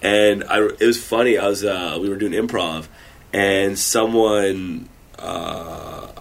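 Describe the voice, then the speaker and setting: Low-voiced man, halting casual talk. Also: gravelly. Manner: halting, many fillers and restarts. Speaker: guest comedian. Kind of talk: casual podcast chat.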